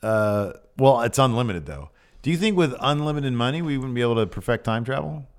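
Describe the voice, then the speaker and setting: A joking man host in casual chat, laughing often as he talks. His pitch swings widely from phrase to phrase, lively and animated throughout the conversation. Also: brisk. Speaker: podcast host.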